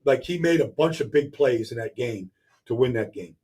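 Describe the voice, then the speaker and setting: A man talking sports on a radio show, emphatic and quick, repeating words as he builds each point. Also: mid-range voice, animated, darkish tone, husky. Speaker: regular guest analyst. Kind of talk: casual sports talk.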